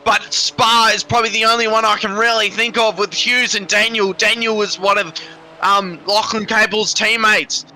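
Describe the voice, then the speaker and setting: An excitable man calls a sim race with a high, eager voice and a rambling, breathless delivery. A steady layer of noise sits behind him on the recording. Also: moderate pace. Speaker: sim racing commentator. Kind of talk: live race commentary. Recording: noisy background.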